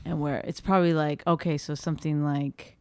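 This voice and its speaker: A woman with a low, slightly mannish speaking voice trades quick, argumentative comebacks and laughs through comic banter. The sound is close and dry, like a podcast studio mic with no room behind it. Her pitch sits on the lower side. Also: flat delivery, darkish tone, clean tone, no room sound. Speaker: podcast co-host. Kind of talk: bickering comedic banter. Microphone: studio microphone.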